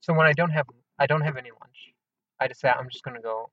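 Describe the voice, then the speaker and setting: A young man co-hosting a casual comedy podcast, an animated storyteller who laughs often and acts out the people he quotes. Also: mid-range voice, fast talker, no room sound. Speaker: podcast co-host. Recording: dull lo-fi sound.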